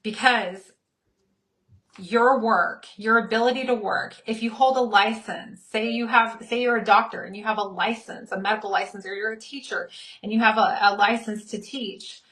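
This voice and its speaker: On a Christian talk show, a woman delivers impassioned commentary in a bright, forceful voice pitched a little high, openly fired up and angry. She drives each point home with emphatic repeated lists and sometimes reads a quote aloud, keeping a steady tone at a moderate pace. The recording is rough.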